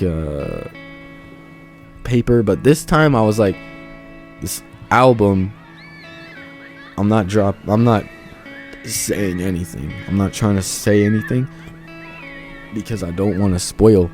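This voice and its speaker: An actor playing a laid-back young amateur musician, telling a rambling, slangy, off-script story to the camera. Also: male voice, low voice, darkish tone. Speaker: aspiring musician.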